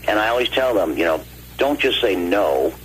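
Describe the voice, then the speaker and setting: Older male guest on a phone line, deep voice, animated storyteller. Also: normal speed. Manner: animated, acts out quoted dialogue. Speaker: guest vocalist and producer. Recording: phone call with faint noise.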